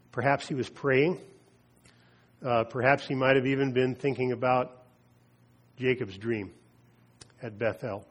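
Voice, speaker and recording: A man preaching a sermon, retelling scripture with slow, emphatic pauses and drops in his voice. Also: medium pitch. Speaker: pastor.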